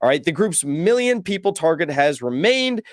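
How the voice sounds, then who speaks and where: A man's voice: on the high side, sing-song, normal speed, dry recording, clean studio sound. A man hosting a political show, reading news articles aloud and adding commentary, stumbling over numbers. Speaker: host.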